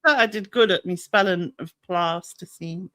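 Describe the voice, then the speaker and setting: A woman's voice: lowish voice, moderate pace, bright, forceful tone, no room sound. Woman guest on a livestream video call: chatty and slangy, laughs a lot, dry sound. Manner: chatty, laughs, uses casual British slang. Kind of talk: casual group chat on a livestream.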